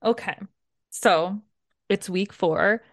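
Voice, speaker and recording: A woman co-hosting a casual book club podcast, recapping chapters in an animated way and swearing freely. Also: medium pitch, slow pace, no room sound, studio quality. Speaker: podcast co-host.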